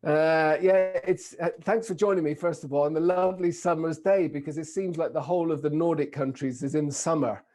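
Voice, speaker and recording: A middle-aged man with a British accent, giving a lively, playful keynote talk over a video call. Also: fairly high pitch, fairly quick, few pauses. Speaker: keynote speaker. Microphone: video call microphone.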